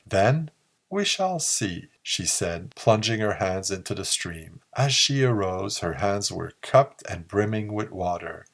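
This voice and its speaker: A man narrating a pulp story in a slow, measured reading. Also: low voice. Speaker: audiobook narrator.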